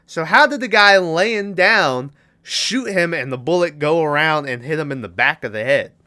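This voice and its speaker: A man's voice: on the high side, lively intonation, moderate pace, pushed and bright. A man on a podcast casually retelling a movie's plot and acting out the characters' lines in a rambling way. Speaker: podcast co-host.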